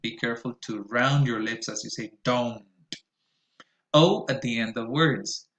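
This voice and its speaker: A man's voice: mid-range voice, measured pace, a bit bright, roomy sound. A man teaching a recorded pronunciation lesson, explaining carefully with frequent "uh" and "um" fillers.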